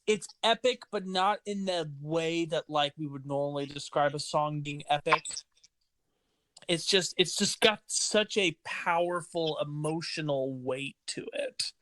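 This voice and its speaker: A man's voice: on the high side, a bit bright, smooth, dry recording. A young man co-hosting a music podcast, talking about songs with enthusiasm and frequent restarts. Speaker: podcast co-host. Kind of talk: casual music discussion.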